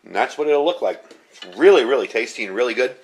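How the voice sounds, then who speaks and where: A man in his fifties, a home cook, chats casually while walking through a cooking demonstration. His mid-range voice moves fast, and he sounds relaxed and talkative as he cooks.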